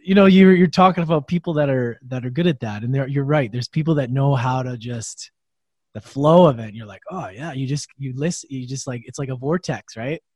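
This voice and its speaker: A man's voice: mid-range voice, brisk, a little mellow, no echo. Laid-back male host in a dry room. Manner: laid-back, rambling, says "bro" and "like". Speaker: podcast host. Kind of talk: casual interview chat.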